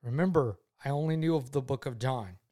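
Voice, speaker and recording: A man speaking to his daughter, telling his faith testimony in an earnest, heartfelt way, often repeating himself and going quiet when moved. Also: medium pitch, fairly quick. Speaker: father talking with his daughter.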